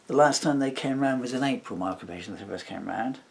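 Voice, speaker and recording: A man with a creaky, medium-pitched voice talks fast on a personal vlog, indignantly rambling about a long grievance and acting out what others said.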